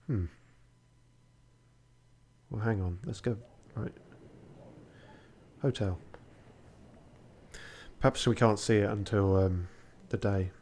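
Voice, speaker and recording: A man's voice: takes it slowly, long pauses, darkish tone, a little hiss or hum. A tired man, a streamer muttering casual gameplay commentary, swearing now and then. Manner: low-key muttering, swears often. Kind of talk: casual gameplay commentary, reading game text aloud.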